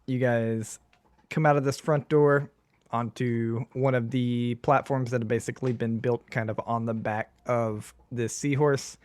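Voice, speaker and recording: Relaxed man narrating as game master. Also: mid-range voice, unhurried. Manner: relaxed, filler-heavy narration.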